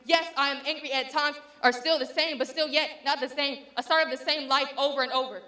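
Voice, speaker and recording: A woman's voice: high voice, steady tone, fairly quick, sharp tone, reverberant. A woman performing a spoken word poem with a rhythmic, impassioned and defiant delivery. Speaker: student poet.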